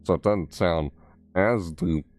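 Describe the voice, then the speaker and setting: Very deep-voiced rambling male streamer. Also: slow, darkish tone, a little hiss or hum. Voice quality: deep voice from low in the throat. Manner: rambling, self-interrupting, musing aloud. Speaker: streamer reacting to game news. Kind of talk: casual live-stream chat.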